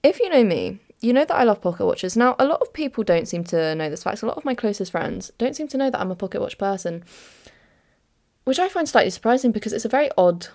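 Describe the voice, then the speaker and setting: A woman's voice: medium pitch, animated, fast, a little mellow. A young woman hosting a casual solo podcast, chatty and giggly, with dramatic sighs and self-mocking despair. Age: young adult. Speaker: podcast host.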